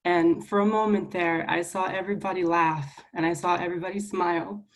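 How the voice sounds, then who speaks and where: A young woman student senator giving a public apology at a meeting, earnest and halting, close to tears. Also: on the low side, fairly even intonation. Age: young adult. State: near tears.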